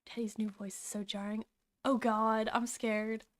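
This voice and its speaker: A woman's voice: fairly high pitch, a little slow. Chatty young woman streamer with hiccups. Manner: chatty, excitable, swears casually. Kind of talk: casual livestream reaction.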